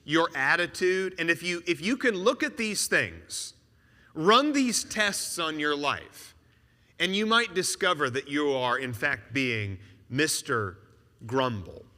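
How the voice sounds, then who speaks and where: A man preaching a sermon, animated and asking rhetorical questions with joking asides. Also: a little high, slow, in a large hall.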